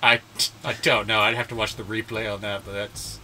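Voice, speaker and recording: A man's voice: lowish voice, brisk, slight background noise. A man co-hosting a let's-play video, chatting casually and laughing often as he plays. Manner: laughs often, lively and joking. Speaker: gaming co-host.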